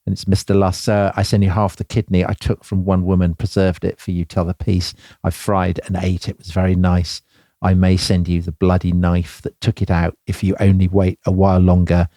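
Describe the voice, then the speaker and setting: A man with a deep, low voice reads old letters aloud, pushing the words out with loud, theatrical force. He sits a little back from the mic in a dry space. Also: monotone, normal speed, dry recording. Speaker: podcast co-host. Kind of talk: dramatic reading of historical letters.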